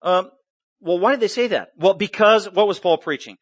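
A man's voice: high-pitched, moderate pace, breathy edge, dry recording. A male preacher giving an emphatic, impassioned expository sermon and stressing his points heavily.

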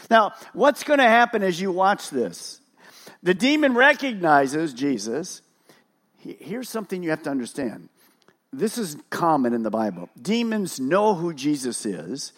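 Animated high-voiced male pastor. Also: unhurried. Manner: animated, rhetorical questions, emphatic. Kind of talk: sermon. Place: church service.

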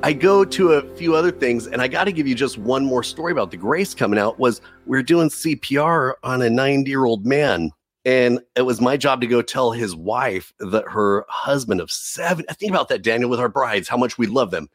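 A man's voice: medium pitch, moderate pace, slightly rough, dry recording, soft background music. Earnest man telling a story, dry sound. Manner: earnest, animated, says "dude" a lot. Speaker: guest telling his testimony. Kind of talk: casual storytelling.

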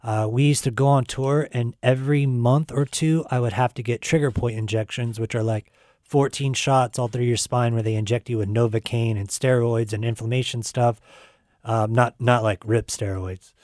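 A young man talking earnestly on a live call-in show, pausing often with fillers as he answers questions. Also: mid-range voice, steady tone, darkish tone, no room sound, clean studio sound. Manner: earnest, halting with many fillers. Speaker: guest musician. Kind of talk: casual live radio talk.

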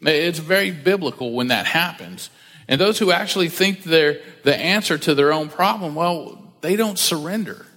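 A man with a slightly high voice preaches a relaxed, conversational sermon and slips into the voices of the people he quotes. His words ring out with a long reverb, as in a large church. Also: moderate pace. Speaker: pastor.

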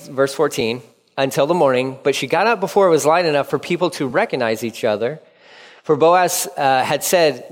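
A man giving a casual Bible-teaching sermon, lively and jokey, acting out the people in the story. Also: on the high side, long reverb tail. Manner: animated, jokey, acts out quoted characters. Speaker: pastor teaching.

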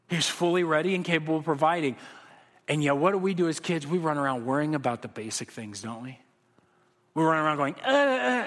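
Male pastor, conversational sermon, high voice, reverberant sanctuary. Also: fairly bright tone. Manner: conversational, acts out his kids' voices. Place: church sanctuary. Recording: long reverb of a church hall.

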